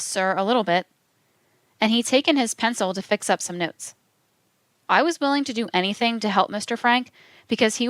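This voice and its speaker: A woman narrating a true-crime account in a measured, even reading, voicing quote marks aloud. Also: medium pitch, no echo.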